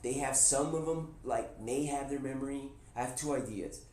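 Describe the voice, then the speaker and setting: A man streaming live, telling a made-up story in a casual, excited, slangy ramble full of restarts. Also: medium pitch, normal speed. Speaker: Twitch streamer. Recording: echoey room with faint background noise.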